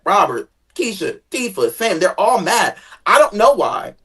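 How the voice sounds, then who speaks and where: A guest chatting casually about family drama, animated, jumping into high dramatic tones and swearing freely. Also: normal speed, hardly any pauses, husky. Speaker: guest sharing family stories. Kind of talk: casual gossip chat.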